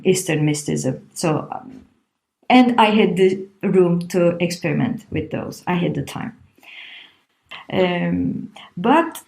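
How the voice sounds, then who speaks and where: A woman's voice: lowish voice, a little mellow, echoey room. Reflective woman, middle-aged podcast guest. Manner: reflective, non-native phrasing, frequent restarts and fillers. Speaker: podcast guest, entrepreneur and coach. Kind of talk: conversational podcast interview.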